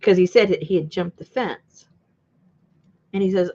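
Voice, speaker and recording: Her medium-pitched voice has a breathy edge and big swings in pitch, and she speaks slowly with long pauses, all on a lo-fi recording. The woman, who hosts a channel about junk journaling, chats while she crafts, spinning a lengthy rambling tale, laughing often and voicing what people said.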